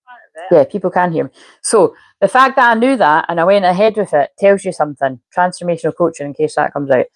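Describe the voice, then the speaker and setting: A woman's voice: fairly low pitch, expressive, fast, dry recording, rough recording. A woman, a spiritual coach chatting casually on a live stream and muttering to herself while she fiddles with settings.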